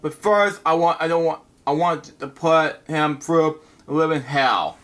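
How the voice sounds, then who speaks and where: A man's voice: on the high side, unhurried, a bit bright. A man reading a vengeful, grieving woman villain from a comic, bitter and threatening.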